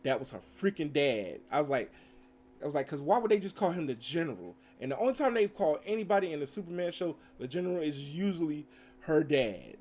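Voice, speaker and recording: A man's voice: fairly high pitch, very animated, brisk, darkish tone. A man reviewing cartoon episodes, retelling scenes in a loose, rambling way with acted-out quotes and frequent fillers. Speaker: show reviewer. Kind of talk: casual spoken recap.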